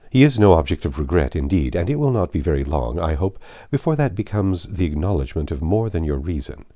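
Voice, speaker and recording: A man reading a grave older gentleman's lines in a classic novel, speaking in a heartfelt way. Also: sits low, no echo, clean studio sound.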